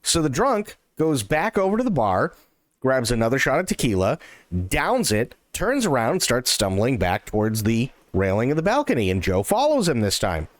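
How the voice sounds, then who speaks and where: A man streaming live, telling a long joke and thanking viewers in an excitable, animated way. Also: medium pitch, moderate pace, no echo, clean studio sound.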